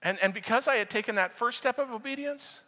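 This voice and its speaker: An American man preaching a sermon, telling a story with passion and moving between loud fervent prayer and hushed narration. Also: extremely high pitch, fairly quick. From United States. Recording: reverberant hall.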